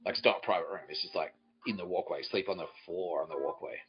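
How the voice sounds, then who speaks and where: A man's voice: sits low, fast talker, lo-fi sound. A man hosting a podcast, telling a rambling, profane comic story and mimicking people's voices. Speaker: podcast host. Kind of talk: comedic storytelling monologue.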